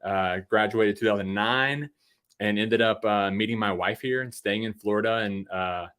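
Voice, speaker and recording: Speaking at a normal pace, a man in his thirties from Virginia has a smooth, fairly bright, somewhat low voice. As a podcast guest in a casual interview, he pokes fun at himself and fills his talk with fillers.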